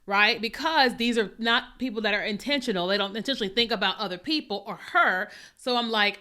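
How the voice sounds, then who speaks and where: A woman's voice: on the high side, a little fast, few pauses, bright, forceful tone. A woman podcast host telling personal stories in a casual, conversational faith talk, with lots of fillers and asides.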